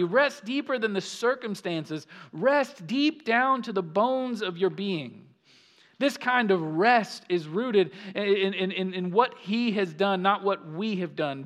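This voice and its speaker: High-voiced man preaching a lively sermon. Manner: animated storytelling, swings between loud urgency and soft intimacy. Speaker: pastor.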